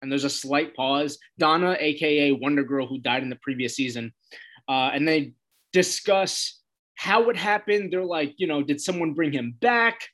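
A man's voice: a little high, normal speed, a bit bright. A man giving a casual, loose recap of a TV episode, retelling scenes and quoting the characters with lots of "he's like" as he goes.

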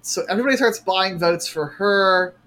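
A casual co-host talks through a recap at a middling pitch, cursing freely in an exasperated way. The delivery is a loose, rambling retelling between friends. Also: moderate pace, bright, forceful tone. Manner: profane, exasperated storytelling. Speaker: podcast co-host. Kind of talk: casual chat recapping a show.

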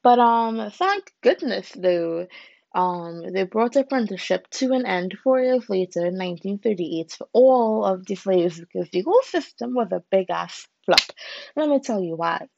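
Speaking at a moderate pace with a medium-pitched, creaky voice, a young adult woman of British Caribbean background runs a casual solo podcast. She's chatty, laughs at herself, and swings her emphasis around lively. The sound is lo-fi with a little hiss or hum.

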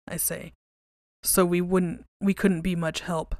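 A woman hosting a podcast, reading creepy stories aloud and then chatting casually, relaxed and conversational, with some swearing. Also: lowish voice, a little slow, dry recording, studio quality.

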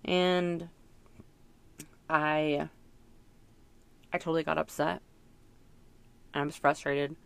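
Gravelly-voiced woman musing aloud. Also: deep voice, fairly even intonation, slow, pauses often, a bit bright. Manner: rambling, thoughtful, many fillers. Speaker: parent sharing reflections. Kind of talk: casual reflective monologue.

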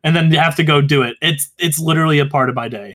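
Animated swearing man, slightly high voice. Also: quick pace. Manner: animated, swears, laughs often. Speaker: podcast co-host. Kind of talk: casual podcast chat.

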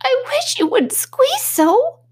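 A woman voicing a small, sleepy, grumbling male dormouse in a squeaky, peevish voice. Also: very animated, takes it slowly, exaggerated voice.

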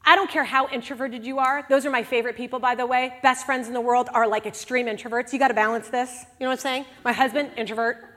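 A woman giving a sermon at a church service, candid and conversational, swinging between hushed and loud moments. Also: on the high side, steady tone, fast, few pauses, big-room sound.

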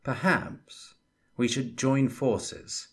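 A man's voice: mid-range voice, drawn-out words, voice pushed up. A man voicing a wary young adventurer.

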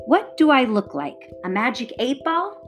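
A woman voicing a blunt older woman living alone, speaking in a flat, matter-of-fact way. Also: high-pitched, normal speed, soft background music, voice pushed up. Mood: dry. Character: blunt, dry-humored older hermit woman.

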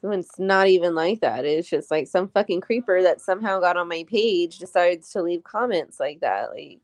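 A woman's voice: lowish voice, normal speed, dry recording, clean studio sound. A woman, a mother, chatting on a podcast in a blunt, profane, chatty way. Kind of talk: casual podcast chat.

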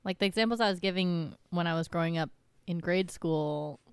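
A woman's voice: fairly low pitch, brisk, smooth, dry recording. A young adult woman in a casual chat, thoughtful and hesitant, with many fillers. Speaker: podcast guest.

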